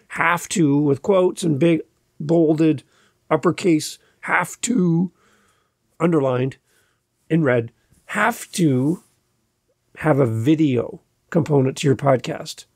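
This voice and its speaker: A man's voice: on the high side, creaky, darkish tone, husky, dry recording, clean studio sound. A man hosting his own podcast, talking casually and emphatically, repeating key words for stress. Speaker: podcast host. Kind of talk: casual solo podcast talk.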